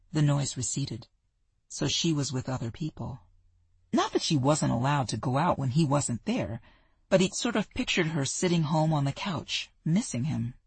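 Breathy audiobook narrator. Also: mid-range voice, moderate pace, no echo. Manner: even, storytelling delivery. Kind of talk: scripted narration.

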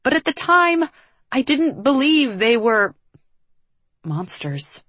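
A woman voicing a defiant, quick-tempered young woman who answers sharply. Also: medium pitch, no echo, close to an everyday voice. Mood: exasperated. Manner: sharp, retorting.

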